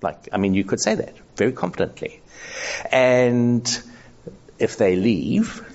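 A man's voice: medium pitch, sing-song, measured pace, vocal fry, a little mellow. A man teaching ethics to a live audience in a conversational way, polling the room and acting out quoted voices. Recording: dull lo-fi sound.

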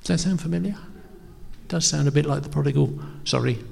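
A middle-aged pastor delivers a chatty, uncertain sermon in church, stuffed with ums and self-deprecating comments, the hall's reverb trailing long. His fairly high voice moves fast and sounds gravelly, slightly rough, with a darkish tone.

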